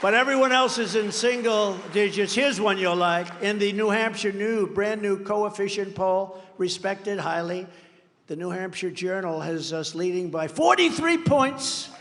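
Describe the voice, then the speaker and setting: Older American candidate, raised pitch, rambling rally boasts, long hall echo. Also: male voice, unhurried, crowd noise, background noise. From United States. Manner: rambling, boastful, bursts of shouting. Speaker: political candidate. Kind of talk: campaign rally speech. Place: large rally venue.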